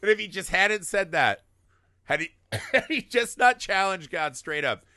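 A man with a gravelly, very bright voice pitched a little high. He talks about films in an irreverent, profane way, breaking into laughter often, recorded close and dry. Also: sing-song, unhurried, no room sound. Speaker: podcast co-host. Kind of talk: casual film discussion.

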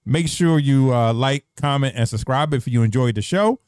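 A man's voice: medium pitch, moderate pace, a little mellow, clear, resonant tone, no echo, clean studio sound. A man hosting a podcast in a casual, joking way, swearing freely. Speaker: podcast host. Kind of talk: casual chat.

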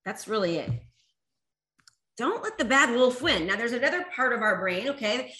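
Energetic woman speaker in an echoey room. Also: a little high, moderate pace. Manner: energetic, repetitive, rallying the crowd. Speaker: motivational speaker. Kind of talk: motivational talk to a live audience.

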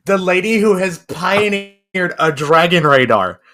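A man co-hosting a podcast in casual chat, animated and joking, often slipping into quick impressions. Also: high-pitched. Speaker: podcast co-host.

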